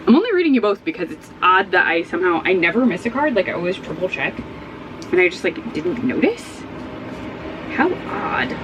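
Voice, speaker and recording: Rambling, animated woman vlogging from home. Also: lowish voice, quick pace, lo-fi sound, noisy background. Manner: rambling, self-interrupting, animated. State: sleepy. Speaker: book vlogger. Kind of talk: casual chatty vlog. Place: at home with a barking dog nearby.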